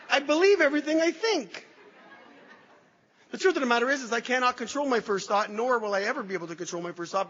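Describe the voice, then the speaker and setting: High, bright-voiced man telling his story. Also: slight background noise. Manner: self-deprecating storyteller with frequent restarts. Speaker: recovery speaker sharing his story. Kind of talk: personal testimony talk. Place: hall with a live audience. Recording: echoey hall, dull lo-fi sound.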